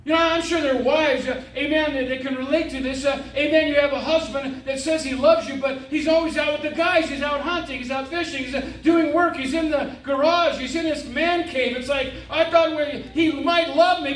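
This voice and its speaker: A middle-aged man preaching a sermon as a visiting evangelist, animated, with stammered restarts and frequent amens. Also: very high voice, fairly quick, few pauses, far from the mic. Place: church sanctuary. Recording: echoey church, voice from afar.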